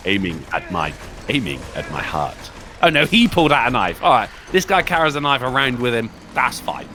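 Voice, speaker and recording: A man's voice: very animated, brisk, sharp tone, a little hiss or hum. A man streaming a game who reads a horror story aloud and mocks it with sarcastic, profane asides. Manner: mocking, swearing, jumps into high exaggerated voices. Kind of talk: sarcastic let's-play commentary. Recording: faint music in the background.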